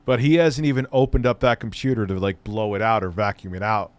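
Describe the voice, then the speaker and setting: Homem de voz grave conversando numa live. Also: male voice, fairly low pitch, steady tone, a little fast, dry recording. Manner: loose, rambling, swears casually. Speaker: streamer host. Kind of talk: casual live-stream chat.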